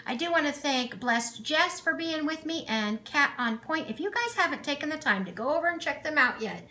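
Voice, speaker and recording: A woman's voice: sits high, expressive, moderate pace, hardly any pauses, bright, forceful tone. A middle-aged woman chatting casually to camera in her home kitchen, rambling with asides and fillers as she talks through a cooking vlog. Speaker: cooking vlogger.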